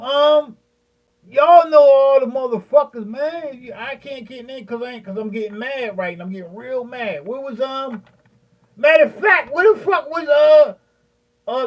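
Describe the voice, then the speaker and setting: A man in his fifties, a beat maker, ranting heatedly at his viewers, profane and rambling, with many fillers and pauses. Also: very high voice. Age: 50s.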